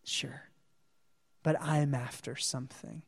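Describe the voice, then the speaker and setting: A humble, gentle God speaks softly and slowly, put on by a man preaching. The voice sits low and quiet, and it rings out in a long hall reverb. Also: fairly even intonation, creaky, breathy edge, full character voice.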